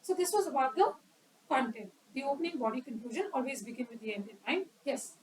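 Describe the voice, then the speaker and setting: A woman's voice: high voice, animated, quick pace, distant mic, rough recording. A woman giving an educational talk on public speaking at a club meeting, quizzing the audience and acting out examples.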